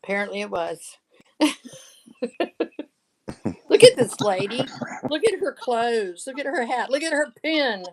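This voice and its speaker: Woman, live-sale host, chatty, laughs often, slow pace. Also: a little high, very animated, background noise. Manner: chatty, laughs often, shows items one by one. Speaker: online reseller hosting a live sale. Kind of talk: casual live-sale chat.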